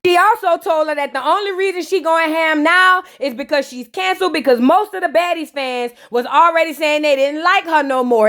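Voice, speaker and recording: A woman's voice: sits high, a bit bright. A woman giving a chatty, sassy recap of a reality show episode, full of slang and asides to her viewers. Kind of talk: casual gossip recap.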